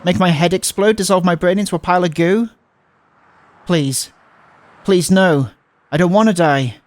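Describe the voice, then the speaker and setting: A man's voice: high-pitched, fast. A man reading a visual novel aloud, voicing the panicky narrator with stumbles and fearful outbursts. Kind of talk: dramatic read-aloud of a game.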